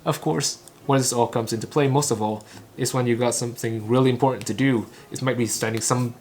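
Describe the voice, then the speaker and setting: Working on his English, a channel host from Vietnam, native in Vietnamese, echoes a recorded talk phrase by phrase, line by line. His delivery is halting and clipped, interrupted by frequent stumbles and restarts. The voice is mid-range, steady, and a little mellow, with faint music behind.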